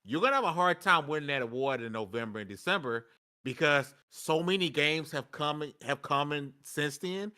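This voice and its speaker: A man with a very bright, somewhat high voice talks games over a remote call. He gets emphatic and hammers the same phrase again and again. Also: expressive, normal speed. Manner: emphatic, repeats himself when ranting. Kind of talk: casual gaming chat.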